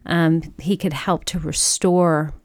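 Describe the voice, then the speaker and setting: A woman's voice: low voice, fairly even intonation, takes it slowly, darkish tone, no room sound. A woman telling a personal faith story to listeners, earnest and emotional, acting out the dialogue from her story. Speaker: speaker sharing a personal testimony. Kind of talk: faith testimony talk.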